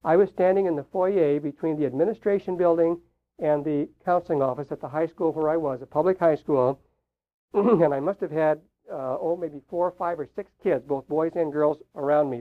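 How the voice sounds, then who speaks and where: A man's voice: on the high side, brisk. Older man preaching over tinny lo-fi audio. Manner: folksy storytelling with soft chuckles. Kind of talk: sermon with personal testimony. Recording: tinny phone-like lo-fi recording.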